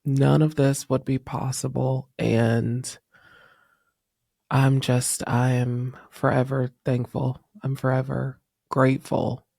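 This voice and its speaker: Man in his thirties, slow unhurried talk, dry close sound, chatty podcast host. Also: medium pitch, level tone, vocal fry, a little mellow, dry recording. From North Carolina. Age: 30s. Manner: chatty, emotional, laughs often. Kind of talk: casual solo podcast chat.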